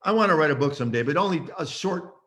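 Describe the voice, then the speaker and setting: A guest saxophonist in his sixties tells stories during an interview, acting out the voices in them. His fairly high voice is expressive and a bit bright, and he talks at a quick pace.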